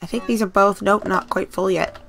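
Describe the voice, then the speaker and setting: This is a middle-aged woman from Canada, speaking with a light Canadian accent as she plays a game on a live stream. She chats in a rambling, friendly way, answering viewers as she goes, and her voice sits at an ordinary middle pitch. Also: steady tone, moderate pace, creaky, fairly bright tone. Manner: rambling, chatty, talks to chat viewers. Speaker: let's play streamer. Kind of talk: casual live-stream gameplay chat.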